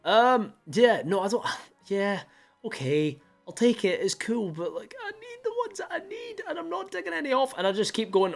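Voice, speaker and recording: A man's voice: high voice, sing-song, normal speed, gravelly, soft background music. A young man chatting casually with viewers while streaming a game, playfully mopey and theatrical. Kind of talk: casual live-stream chat.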